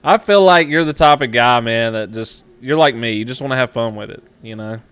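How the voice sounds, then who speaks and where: A man's voice: medium pitch, a little fast, a bit bright, clear, resonant tone, no room sound. A man hosting a live web show, casual and self-mocking, laughing often. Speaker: webshow host. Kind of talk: casual live-stream interview.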